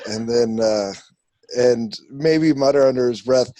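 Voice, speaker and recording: Tabletop player, male, hesitant and slow, dry close sound. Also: mid-range voice, dark tone, no echo. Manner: hesitant, full of restarts and fillers. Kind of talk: tabletop role-play.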